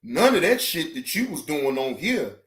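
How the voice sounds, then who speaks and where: A man's voice: fairly high pitch, sing-song, moderate pace, a bit bright. Blunt, profane reaction host, a man. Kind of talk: casual reaction commentary.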